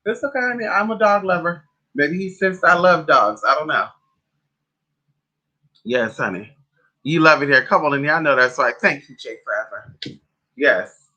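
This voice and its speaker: Sassy, very bright-voiced man chatting. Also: moderate pace, pauses often. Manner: sassy, chatty, calls viewers honey and girl; animated storyteller with big pitch swings. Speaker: spiritual advisor on a livestream. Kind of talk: casual livestream chat.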